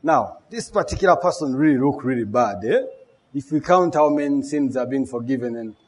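Husky-voiced man preaching a sermon. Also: mid-range voice, animated, fairly quick. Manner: emphatic, repeats key words, rhetorical questions.

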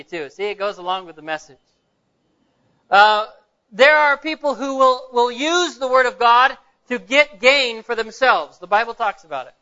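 A male pastor delivering a sermon in a church. He tells stories and puts rhetorical questions to the congregation in a high, bright, smooth voice. The recording is dull and lo-fi.

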